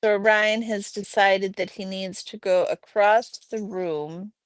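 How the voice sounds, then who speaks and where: A woman hosting a casual livestream at home, chatting and reading out viewers' messages in a relaxed way. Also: medium pitch, measured pace, smooth, dry recording. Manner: relaxed, reads chat aloud, chatty asides. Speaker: livestream host. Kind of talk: casual chat with live chat.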